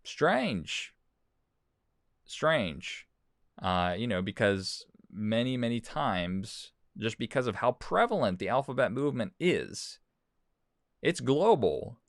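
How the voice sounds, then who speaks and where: With a fairly low, expressive voice at a moderate pace and hardly any pauses, a male host gives relaxed commentary on news and social posts. He reads quotes aloud and tends to repeat words. It's studio-quality audio with no room sound.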